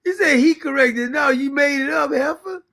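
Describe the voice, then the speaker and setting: Gravelly high-voiced male show host. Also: moderate pace. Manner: incredulous, loud outbursts, frequent laughter. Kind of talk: commentary over played clips. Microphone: streaming mic.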